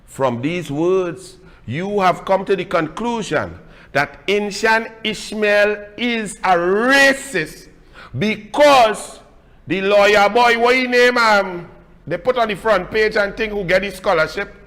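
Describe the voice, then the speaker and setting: Trinidadian male political host, scornful and emphatic, bright high timbre with a long room echo. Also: slow pace. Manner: mocking, emphatic, scolding. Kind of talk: combative political monologue.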